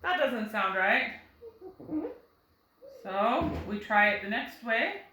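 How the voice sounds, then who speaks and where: Slow, patient woman teaching phonics. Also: a little high, animated, bright, forceful tone, echoey room, a little hiss or hum, low-quality recording. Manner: slow, patient, sounding words out. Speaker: first grade teacher. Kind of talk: recorded phonics lesson.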